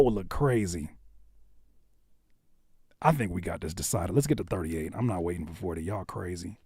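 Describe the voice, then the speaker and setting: Male streamer host, animated and teasing, very dry close sound. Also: low-pitched, normal speed, pauses often, breathy edge, dry recording. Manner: animated, teasing banter with chat. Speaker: livestream host reacting to music. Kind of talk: live stream chat with viewers.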